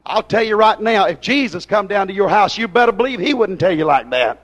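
A man preaching a fiery sermon to his congregation in folksy dialect grammar, hollering at them and then dropping to a hushed plea. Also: sits high, lively intonation, fairly quick.

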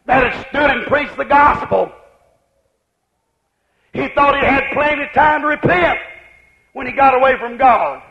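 A man delivers a fiery revival sermon, shouting in a chanting cadence. His voice is very high and creaky, captured on a muffled lo-fi recording.

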